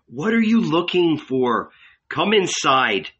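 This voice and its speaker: Stern disguised angel giving orders, read by a man, bright tone, dull recording. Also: fairly high pitch, sing-song, slow, husky, voice pushed up, full character voice. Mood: commanding. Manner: commanding, insistent.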